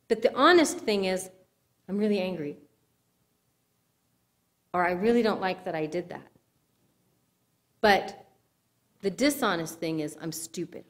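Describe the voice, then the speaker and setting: A woman's voice: medium pitch, expressive, moderate pace, pauses often. A woman giving conversational sermon-style teaching in a church, checking with her listeners as she goes. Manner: conversational teaching, asks the audience if it makes sense. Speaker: speaker at a church service.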